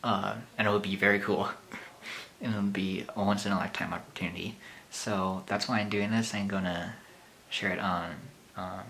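Nervous low-voiced man, gravelly. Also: steady tone, normal speed, bright, forceful tone, a little hiss or hum. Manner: nervous, hesitant, many fillers and self-deprecating laughs. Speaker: channel host. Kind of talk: casual vlog talk.

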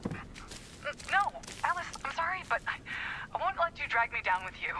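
A woman's voice: sits high, sing-song, a little fast, background noise. An actress playing a worried, upset woman speaking over the phone to a troubled man. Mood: pained. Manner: upset, pleading.

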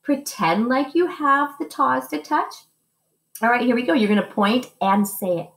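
A woman's voice: a little high, animated, a bit bright, reverberant. Patient woman teaching music to kids. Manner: slow, patient, encouraging teacher talk with chanted rhythm syllables. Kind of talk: online music lesson for young children.

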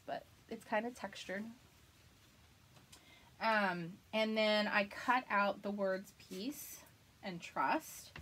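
A woman's voice: mid-range voice, a little hiss or hum. A woman in her thirties hosting a live crafting video, chatting casually and laughing often. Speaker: crafting livestream host.

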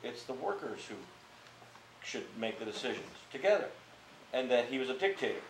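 An older man, a theater actor, telling stories in an interview in a blunt, profane, animated way. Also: mid-range voice, fairly quick. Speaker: interviewee, Mime Troupe actor. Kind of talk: casual storytelling interview. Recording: echoey room with faint background noise.

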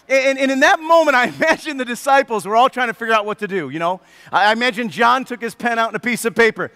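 A man preaching a sermon as pastor, telling the story with animated, lively delivery and acting out the people in it. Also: very high-pitched, fast talker, smooth, long reverb tail. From United States. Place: church sanctuary.

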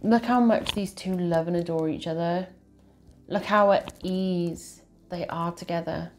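Over faint, soft music, a woman with a fairly low, steady voice talks through a tarot card reading at a slightly slow pace. She's earnest and emotional, and she keeps circling back over the same phrases.

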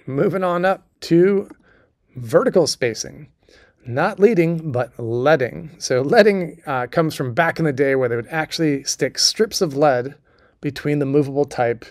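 A man walking through a design software tutorial in a conversational way, often checking in with the listener. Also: fairly high pitch, dry recording, studio quality. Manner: conversational, keeps checking in with "okay?" and "right?". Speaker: design instructor.

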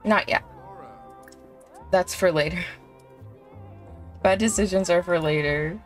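A woman's voice: lowish voice, slow pace, faint music behind. A young woman giving chatty, giggly commentary over a life-sim game, full of fillers. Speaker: let's play creator.

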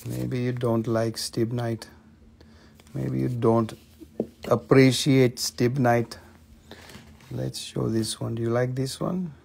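A man's voice: medium pitch, steady tone, takes it slowly, vocal fry, long pauses, darkish tone, a little hiss or hum. A man hosting a casual live stream that sells stones, joking and chatting back to viewers in a loose way and swearing now and then. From United States, Appalachian region. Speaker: host of a live shop stream selling minerals. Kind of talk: casual live-stream sales chat, reading chat comments.

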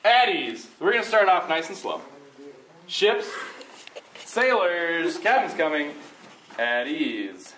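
A man explaining and leading a group game with playful, energetic commands in a large indoor hall. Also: fairly high pitch, slow, long pauses, slight background noise. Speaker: youth game leader. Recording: echoey hall, mic at a distance.

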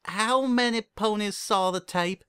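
A man voicing a steady, plain-spoken country farm mare who talks in a drawling, folksy way. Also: medium pitch, measured pace, no echo, studio quality. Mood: earnest.

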